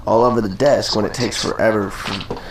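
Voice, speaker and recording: A man's voice: lowish voice, steady tone, fairly quick, background noise. A young man telling a school story in a rambling, laid-back way, full of fillers and swearing. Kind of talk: casual storytime.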